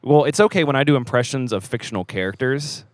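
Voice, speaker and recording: A young man hosting a church podcast, chatting casually with an energetic, playful manner. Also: mid-range voice, fast talker, no room sound, studio quality. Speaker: podcast host. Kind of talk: casual chat. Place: church theater.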